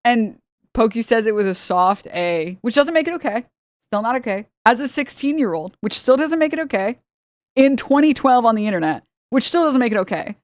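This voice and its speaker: A woman's voice: fairly high pitch, lively intonation, a little fast, no room sound. Exasperated young woman streamer, dry close mic. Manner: exasperated, rambling, sarcastic. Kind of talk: casual stream chat.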